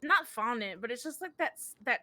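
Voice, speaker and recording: A woman chatting in a game role-play, giggly and quick to protest. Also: fairly high pitch, big pitch swings. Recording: loud crowd chatter behind.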